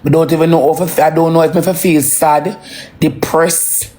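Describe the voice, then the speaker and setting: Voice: medium pitch, fairly even intonation, dark tone. Ranting parent with a Jamaican accent. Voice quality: heavy cursing, swings between slow brooding and heated outbursts. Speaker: social media livestreamer. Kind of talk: emotional ranting monologue.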